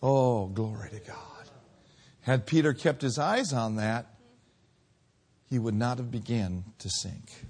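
A man preaching a sermon, swinging between loud drawn-out peaks and quiet low lines. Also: breathy edge.

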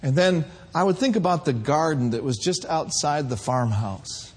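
A man from Minneapolis preaching a sermon, playful and animated, sometimes rising to shouts. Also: on the high side, normal speed, slightly rough. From Minneapolis, USA.

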